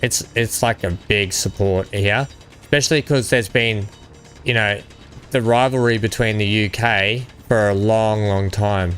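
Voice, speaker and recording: A man's voice: on the low side, fairly even intonation, measured pace, fairly bright tone, soft background music. An Australian man hosting a gaming video, chatting casually and enthusiastically while he plays, often rambling. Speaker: gaming channel host. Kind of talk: casual gameplay chat.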